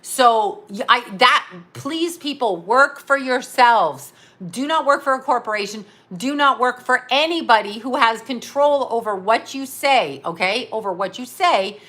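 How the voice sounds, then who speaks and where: A middle-aged woman talks straight to camera in a blunt, foul-mouthed rant that wanders from point to point. She keeps cracking herself up along the way. Her voice sits a little high and rings very bright. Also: animated, a little slow. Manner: crude, rambling, laughing at her own jokes. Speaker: vlogger. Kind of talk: blunt profane monologue.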